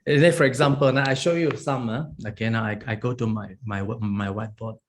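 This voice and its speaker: Speaking fast with a steady tone, this mid-range-voiced monk drills beginners on Pali sounds one by one, often chuckling while explaining and checking in with "okay?" Slight background noise is present.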